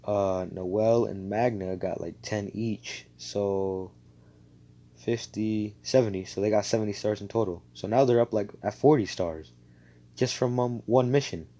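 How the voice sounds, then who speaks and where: A man's voice: on the low side, steady tone, a little slow, warm tone. A man casually telling a fan story, rambling with lots of fillers and swearing.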